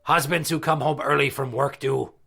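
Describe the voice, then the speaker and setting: Brownbeard, a man doing a gravelly crude pirate. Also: a little high, steady tone, moderate pace, bright, forceful tone, full character voice. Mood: boastful, crude. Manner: crude, profane storytelling. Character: crude boastful male pirate party entertainer. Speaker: regular character. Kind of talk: comedy podcast skit.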